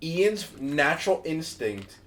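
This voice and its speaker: A young man co-hosting a podcast, telling a funny story with loud acted-out quotes and laughing along. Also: on the high side, big pitch swings, slow pace, poor audio. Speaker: podcast co-host. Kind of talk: casual chat.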